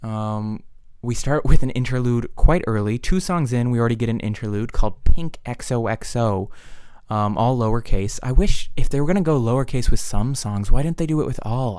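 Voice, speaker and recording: A man's voice: medium pitch, moderate pace, a little mellow, clear, resonant tone, dry recording, clean studio sound. A man giving a sarcastic, blunt rant reviewing an album, with many fillers. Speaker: music reviewer. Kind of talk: casual rant.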